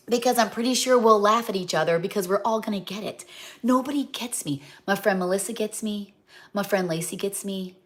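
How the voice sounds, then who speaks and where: Middle-aged woman, home cook hosting a livestream; slightly high voice, rambling and heartfelt, loses her thread. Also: moderate pace, a bit bright. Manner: chatty and heartfelt, talks straight to viewers. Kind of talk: casual livestream chat.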